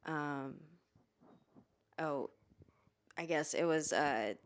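Young woman rambling loudly, swearing. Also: deep voice, extremely slow. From United States. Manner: rambling, swears a lot, gets loud and animated when arguing. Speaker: podcast co-host. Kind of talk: casual chat while eating hot wings.

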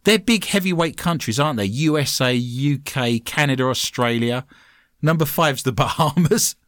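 A man with an English accent hosting a podcast, chatting in a joking, animated way. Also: medium pitch, normal speed, dry recording, clean studio sound. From England. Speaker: podcast host. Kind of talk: casual podcast chat.

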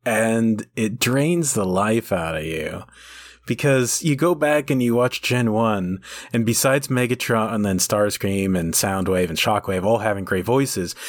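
Man, podcast co-host, casual chat, wry, rambling, slow, dry close sound. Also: mid-range voice, dry recording. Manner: wry, tangent-prone storyteller.

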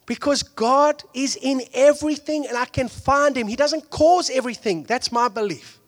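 A pastor preaching a conversational sermon, moving from hushed asides to loud, excited peaks and acting out the people he quotes. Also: very high voice, normal speed.

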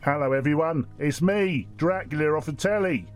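A man voicing a foul-mouthed, impatient male vampire celebrity, gruff and sweary in a comedy sketch. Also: on the high side, normal speed, faint music behind, natural voice. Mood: grumpy.

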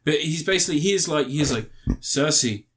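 A man's voice: on the high side, very fast. A man chatting casually about a film, rambling and swearing, doing mocking impressions.

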